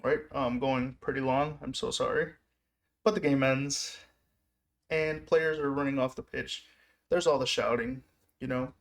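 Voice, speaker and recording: A vlogger with a mid-range voice tells a personal story at a measured pace, leaving long pauses. His casual, rambling style is chatty, and he often breaks off and restarts sentences.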